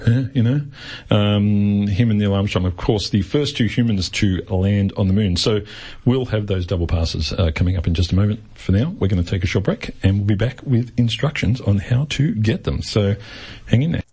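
A man's voice: fairly low pitch, moderate pace, dark tone, slightly rough. A man with an Australian accent hosting a community radio show, chatting and joking casually with guests and listeners between fillers. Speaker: radio host.

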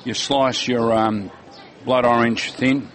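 A man's voice: medium pitch, fairly even intonation, takes it slowly. Market man, chatty about food. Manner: enthusiastic, food-loving, hesitant fillers. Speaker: fruit and vegetable seller. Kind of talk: casual market chat. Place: outdoor market.

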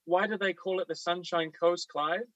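A man's voice: high-pitched, fairly even intonation, moderate pace, fairly bright tone, no echo, distant mic, lo-fi sound. A man with an Australian accent hosting a radio panel discussion, chatty and upbeat, thinking aloud with plenty of fillers. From Victoria, Australia. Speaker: radio host.

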